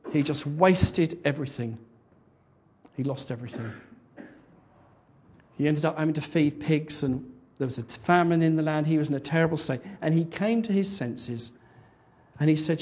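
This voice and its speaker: A man's voice: on the high side, darkish tone. A man preaching a conversational sermon and retelling a parable, often restarting his words. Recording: dull lo-fi sermon recording.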